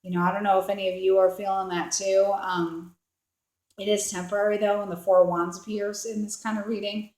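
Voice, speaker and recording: A woman's voice: medium pitch, level tone, a little fast, darkish tone. A woman giving a casual tarot reading, rambling with lots of fillers and acting out the thoughts of the people in the cards. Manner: rambling, filler-heavy, acts out quoted thoughts. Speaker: tarot card reader. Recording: roomy echo.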